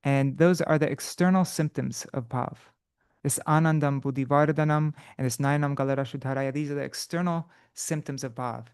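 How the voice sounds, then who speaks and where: A man's voice: mid-range voice, steady tone, a little mellow, smooth, no room sound, studio quality. Man thinking aloud through verses. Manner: thinking aloud, halting, with restarts and self-corrections; chants verses slowly in a sung tone. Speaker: teacher of scripture study. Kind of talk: unprepared live study session.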